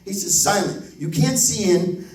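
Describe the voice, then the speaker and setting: A middle-aged male comedian tells a story on a club stage in an animated, profane way, laughing as he goes. His voice is notably high, and the sound comes from a distance with a roomy echo. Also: a little slow. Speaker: stand-up comedian. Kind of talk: stand-up storytelling. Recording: echoey club room from a distance.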